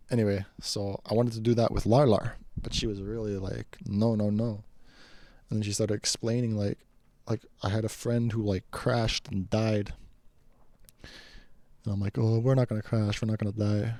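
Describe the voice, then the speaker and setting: A man tells a casual personal story in a chatty, rambling way, acting out the people in it. His voice sits low and mellow. The recording is dry and close. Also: flat delivery, brisk, dry recording.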